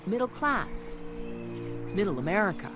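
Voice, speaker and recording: A woman narrating a news feature in a measured, serious scripted delivery. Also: medium pitch, big pitch swings. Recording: voice-over with loud music bed.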